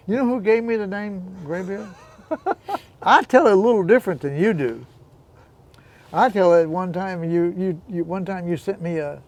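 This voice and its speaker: A man in his eighties, a veteran paddler and interview guest, telling stories in casual chat with a teasing manner and frequent laughter. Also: high-pitched. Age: 80s. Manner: teasing storyteller, laughs often.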